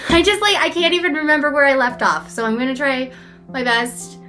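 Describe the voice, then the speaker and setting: A woman's voice: high-pitched, moderate pace, pushed and bright, faint music behind. A young woman in a rambling, self-deprecating casual vlog, filling her talk with "like". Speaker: vlogger. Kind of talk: casual talking-head vlog.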